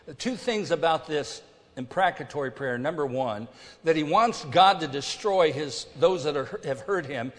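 Slow, emphatic male preacher in a reverberant hall. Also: fairly high pitch, lively intonation. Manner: emphatic, deliberate preaching with dramatic swings in volume. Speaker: pastor. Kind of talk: sermon.

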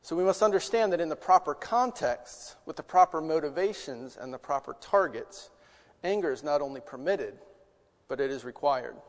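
A man preaching a sermon, earnest and conversational, asking rhetorical questions and moving between loud emphasis and quiet asides. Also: a little high, big-room sound.

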